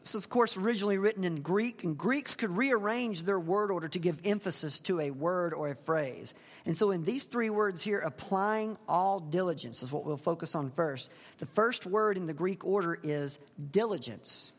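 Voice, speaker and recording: A man's voice: sits high, expressive, normal speed. A male pastor giving a conversational expository sermon, asking the congregation questions. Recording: long hall reverb.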